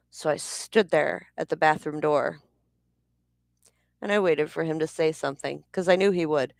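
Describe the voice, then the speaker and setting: Blunt, profane woman vlogger, low voice. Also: no echo, clean studio sound. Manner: blunt, profane, heated retelling. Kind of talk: personal storytelling vlog.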